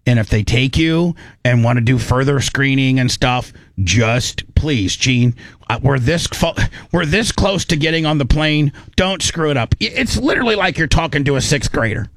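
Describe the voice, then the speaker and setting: A man's voice: medium pitch, animated, moderate pace, no room sound. A man telling a funny story in a casual, rambling way, full of fillers and acted-out quotes.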